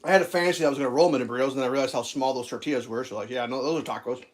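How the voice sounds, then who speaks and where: A man's voice: mid-range voice, racing. A man vlogging casually while cooking in his home kitchen, rambling and chatting with his dog.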